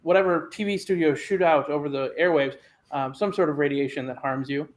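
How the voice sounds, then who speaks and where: A man's voice: on the high side, brisk. A man hosting a live comedy show, rambling through introductions with many fillers. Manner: rambling, lots of fillers and restarts.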